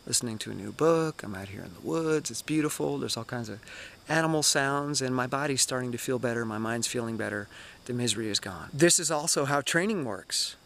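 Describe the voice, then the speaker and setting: Casting: man, 40s, energetic and candid vlog host, woods setting. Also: medium pitch, a little fast, creaky, slight background noise. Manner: energetic, candid self-talk. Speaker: running vlogger. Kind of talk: motivational vlog monologue. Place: outdoors in the woods.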